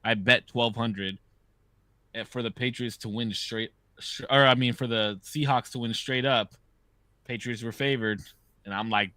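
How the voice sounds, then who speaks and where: A podcast host chatting casually, cursing freely as he spins a story. His voice is bright and forceful. The sound is dry and close, with no room echo. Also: mid-range voice, fairly even intonation, unhurried. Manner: loose, profane storytelling. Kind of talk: casual chat.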